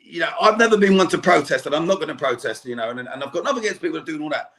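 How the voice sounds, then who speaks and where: Gravelly-voiced man ranting angrily. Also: fairly high pitch, expressive, racing, fairly bright tone. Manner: angry, swearing rant. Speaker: fan guest on a football podcast. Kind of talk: heated podcast chat. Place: home.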